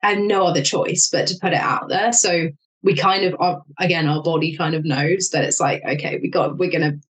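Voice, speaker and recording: Lower-voiced woman hosting a podcast. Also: brisk, low-quality recording. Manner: candid, animated storytelling with frequent fillers. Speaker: podcast host. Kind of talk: casual conversational interview.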